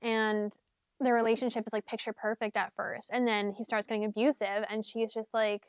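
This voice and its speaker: A young woman with a fairly high, smooth voice chats casually about books and songs for her vlog, speaking at a moderate pace with flat delivery and no room sound. She rambles with lots of fillers and "like"s, sometimes half-singing lyrics.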